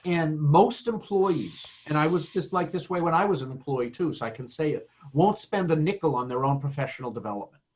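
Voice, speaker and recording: A man's voice: a little high, expressive, fairly quick, a little mellow, highs cut off. A middle-aged man giving earnest, emphatic career advice as a guest in a podcast interview, with plenty of fillers. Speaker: guest speaker.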